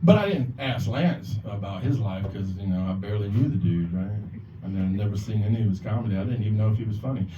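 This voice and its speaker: Hosting an open mic from a bar or club stage, a man with a lowish voice races through a rambling stand-up set with hardly a pause, swearing constantly and acting out the voices of people he quotes. The echoey, lo-fi recording is captured from far off and has a little hiss or hum.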